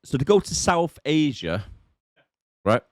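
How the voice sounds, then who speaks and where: A man's voice: fairly high pitch, very animated, a little slow, darkish tone, no room sound. A man co-hosting a film podcast, making dry scornful remarks about the plot. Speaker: podcast co-host. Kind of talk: casual movie review chat.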